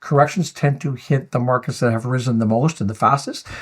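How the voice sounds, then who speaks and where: A man's voice: medium pitch, fairly quick. A man hosting a finance video, answering viewer comments in a firm, explanatory way. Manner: firm, rebuttal-style, reading out viewer comments.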